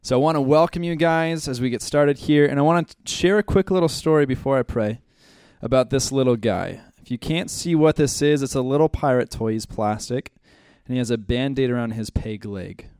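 A man, a pastor, opening a church ministry class with a heartfelt story and then a quiet, earnest prayer. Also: mid-range voice, brisk, few pauses, smooth, dry recording, clean studio sound.

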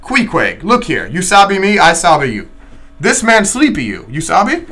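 A man's voice: sits high, huge pitch swings, normal speed, sharp tone, pitched above the performer's own voice, exaggerated voice. A man doing a grinning, jovial innkeeper. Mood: amused.

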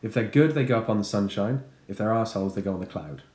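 A man in his thirties telling a funny story about his son in a casual, sweary, animated way. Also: on the low side, quick pace, slight background noise. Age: 30s. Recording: echoey room.

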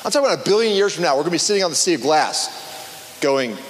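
Brief: male preacher, high voice, loose animated talk full of restarts, in a room with a long echo. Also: fast. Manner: conversational, animated, many restarts and fillers. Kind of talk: casual sermon.

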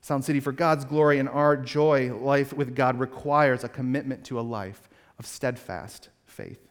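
A man preaching a sermon as a pastor, earnest and putting direct questions to his congregation. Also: medium pitch. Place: church sanctuary. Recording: long reverb of a church hall.

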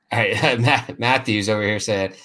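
A man with a fairly low voice hosts a relaxed sports podcast chat. He talks loosely and jokily, often laughs, and trips over and repeats words as he goes. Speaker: podcast host.

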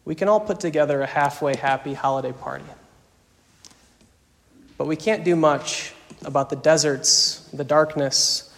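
Man preaching slowly in a reverberant church. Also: a little high. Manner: measured preaching with rhythmic lists, dropping to hushed tones. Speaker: pastor. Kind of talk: sermon. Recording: long hall reverb.

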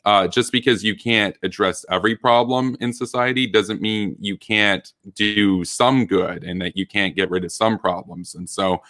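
A man arguing his side in a political debate, earnest and halting, often restarting his sentences. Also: on the low side, steady tone, fairly bright tone, dry recording, clean studio sound. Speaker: debate guest.

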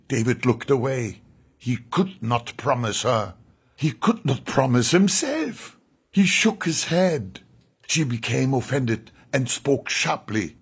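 A man narrating an audiobook in a measured, solemn storytelling manner. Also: medium pitch, very animated, breathy edge.

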